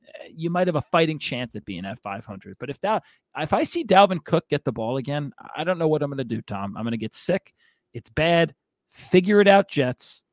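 A man on a sports podcast launches into an exasperated, fired-up rant. His voice sits a bit high for a man. The sound is dry and close, with no room around it. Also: big pitch swings, moderate pace, dry recording. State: out of breath. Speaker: podcast co-host. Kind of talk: ranting sports commentary.

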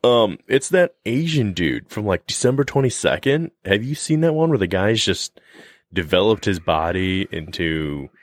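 A man co-hosting a casual podcast chat, rambling and joking in an animated way. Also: fairly low pitch, moderate pace. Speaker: podcast co-host.

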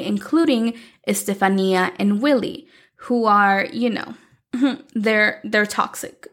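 A woman's voice: medium pitch, creaky. A woman recapping a telenovela in a chatty, opinionated way, full of "like". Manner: chatty, opinionated, uses "like" a lot. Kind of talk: casual recap.

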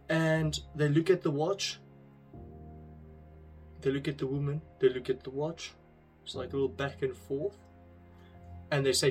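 A man's voice: a little high, a little slow, pauses often, soft background music. A man giving an earnest, conversational devotional talk, telling a parable and then drawing a lesson from it. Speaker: speaker sharing a devotional message.

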